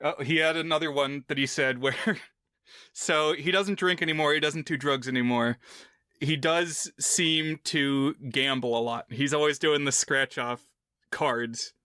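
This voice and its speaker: A man's voice: fairly high pitch, unhurried, pushed and bright, clean tone, no echo, clean studio sound. A man co-hosting a film podcast, recounting scenes in an amused, easygoing way. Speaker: podcast co-host. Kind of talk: casual film discussion.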